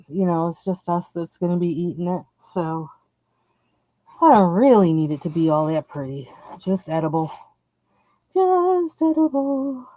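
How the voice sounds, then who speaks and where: A woman hosts a coloring livestream, chatting casually and rambling, laughing often and trailing off as she searches for colors. Her voice is low-pitched with a dark tone, and the recording is rough.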